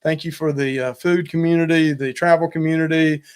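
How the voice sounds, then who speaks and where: A man's voice: fairly high pitch, steady tone, brisk, smooth. A middle-aged man co-hosting a live cooking and travel stream, chatting casually and rambling as he thanks viewers over and over.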